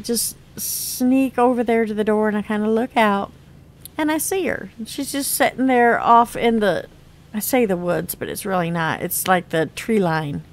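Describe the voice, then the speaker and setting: A woman with a middle-pitched voice chats casually through a long personal story while playing a game. She laughs often and throws herself into every quote, jumping high or dropping to a hushed aside. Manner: chatty, laughs often, acts out quotes with big pitch jumps. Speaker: gaming channel host.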